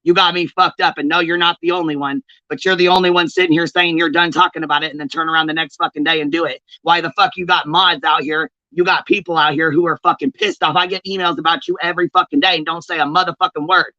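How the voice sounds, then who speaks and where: Woman host mid-rant on her livestream: forceful, cursing, dry and lo-fi sound. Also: low-pitched, fairly even intonation, fast, few pauses, dry recording. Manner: heated, profane, confrontational calling-out. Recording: dull, lo-fi stream audio.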